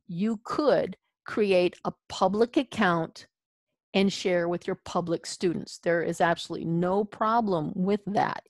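A woman's voice: mid-range voice, no room sound. A woman leading an adult education training session, chatty and informal, checking in with "okay?" as she goes. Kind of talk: instructional webinar presentation.

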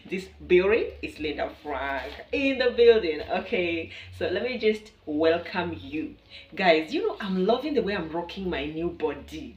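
A woman's voice: fairly low pitch, moderate pace. A woman from Kenya with a Kenyan accent, chatting playfully and with lots of energy to her viewers. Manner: chatty, playful and animated, laughs often. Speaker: vlogger. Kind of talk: casual vlog chat to camera. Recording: echoey room with a distant mic.

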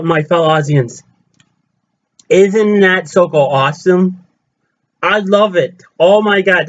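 A fairly high-pitched man, heard through a muffled recording, shows off his collection in an excited unboxing vlog. He gushes, says things more than once, and talks straight to his audience as fellow fans.

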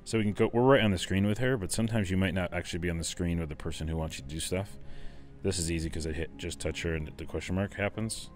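Deep-voiced let's play host, chatty and rambling, enthusiastic. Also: male voice, fast, faint music behind. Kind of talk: casual game commentary.

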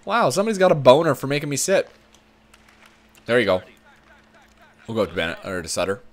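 A young man giving casual, profane commentary on his own hockey video game, swinging from low muttering to loud excited shouts. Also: brisk. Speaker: gaming YouTuber.

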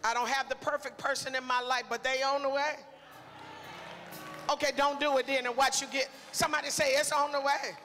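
A male preacher delivering a call-and-response sermon, exhorting the congregation and building to shouts. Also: very high-pitched, flat delivery, fairly quick, soft background music. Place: church sanctuary. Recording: reverberant church hall, faint crowd.

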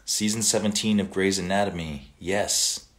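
A man hosting a casual livestream, reading out viewer comments and greetings and answering them in a relaxed way, now and then slipping into Italian phrases. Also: sits low, moderate pace.

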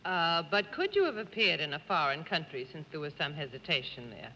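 A woman's voice: low-pitched, big pitch swings, bright, forceful tone. A woman on a television panel show, asking questions in a playful, witty way. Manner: playful and quick-witted. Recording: dull 1950s TV broadcast, hall reverb, faint hiss.

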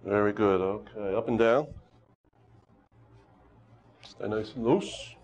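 A man teaching karate who leads students through a warm-up, calling out exercises and teasing them with jokes. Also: on the low side, slow. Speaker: karate instructor. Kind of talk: leading a warm-up on a local TV show. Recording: dull lo-fi TV studio sound.

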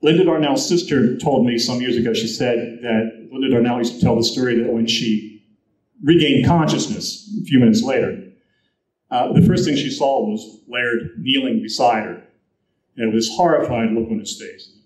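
A male guest speaker giving a storytelling presentation at a convention, lively and anecdotal, acting out the quotes he tells. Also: medium pitch, normal speed. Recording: roomy echo, captured from the audience.

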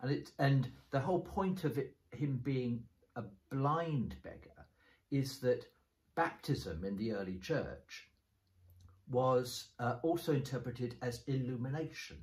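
Male bishop, conversational teaching voice, mid pitch, restarts often, recorded in an echoey room. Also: expressive, measured pace, a little mellow. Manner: thoughtful, explains step by step with frequent restarts. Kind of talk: conversational bible discussion. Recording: roomy echo.

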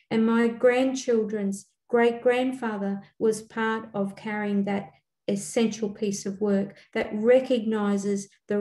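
An older woman, speaking earnestly as a community elder on a panel, pausing often with fillers. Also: medium pitch, mellow. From Australia. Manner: earnest, halting, with frequent fillers. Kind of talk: panel talk. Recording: echoey room.

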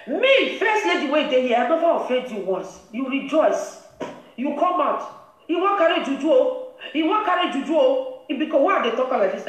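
A woman with a Nigerian Pidgin English accent, hosting a live-stream commentary and lecturing another woman in a scolding, preachy way. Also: mid-range voice. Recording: very echoey room.

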